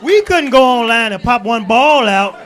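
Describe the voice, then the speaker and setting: A man performing a stand-up comedy set in a club, working the crowd with loud bursts and low asides. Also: expressive, moderate pace. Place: comedy club stage before a laughing crowd. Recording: live club recording with crowd laughter. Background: audience laughter.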